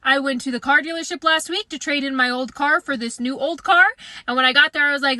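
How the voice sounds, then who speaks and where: A woman's voice: sits high, fast talker, pushed and bright, no echo, poor audio. A woman telling rambling, self-deprecating comic stories in a casual storytime monologue. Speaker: comedic storyteller.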